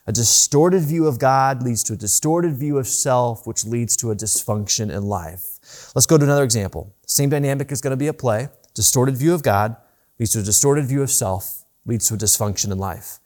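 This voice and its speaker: A male pastor delivers a sermon from the church pulpit in a mid-range voice. He speaks earnestly and builds intensity on the scripture he reads, then slows and lingers over key phrases. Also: medium pitch, a little mellow. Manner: earnest preaching, rises and slows to stress scripture.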